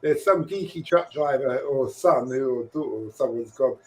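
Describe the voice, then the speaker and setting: A man's voice: mid-range voice, normal speed, poor audio. A man, talking animatedly and jokingly in a casual podcast discussion. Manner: animated, jokey, slips into quoted voices. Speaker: podcast co-host.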